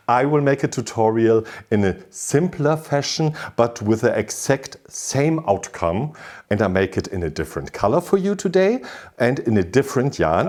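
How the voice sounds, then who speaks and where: A man with a German accent talks through a crochet tutorial in a casual, chatty way. His voice sits low, yet it leaps up and down with expressive energy. He tells the story with animated exasperation.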